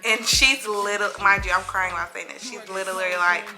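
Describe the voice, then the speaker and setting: A young woman vlogger telling a personal story in a casual, animated way, acting out what people said. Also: medium pitch, brisk, music in the background, poor audio. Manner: animated, dramatic retelling that acts out quoted voices.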